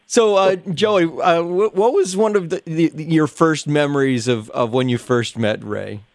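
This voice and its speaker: A man's voice: fairly high pitch, unhurried, no room sound. A man hosting a radio show, talking casually and hesitantly with many fillers. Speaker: radio host.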